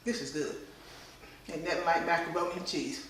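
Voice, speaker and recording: A woman's voice: lowish voice, steady tone, brisk, recorded from a distance, slight background noise. A woman hosting a cooking show, tasting her dish on camera. She hums over each bite and keeps slipping into a whisper. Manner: drifts into whispering, savoring hums. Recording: echoey room, voice away from mic.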